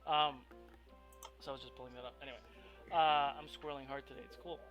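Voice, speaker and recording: A man's voice: mid-range voice, steady tone, fast, highs cut off, soft background music. A man narrating as game master of a tabletop role-play, rambling with lots of ums and restarts. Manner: rambling, filler-heavy, self-interrupting.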